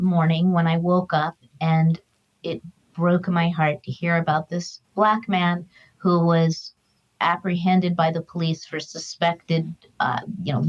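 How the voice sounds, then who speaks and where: A middle-aged woman speaks earnestly in a fairly low voice. She shares her feelings openly and reflectively. The recording is somewhat dull and lo-fi. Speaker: guest, author and grief counselor. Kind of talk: heartfelt conversational storytelling.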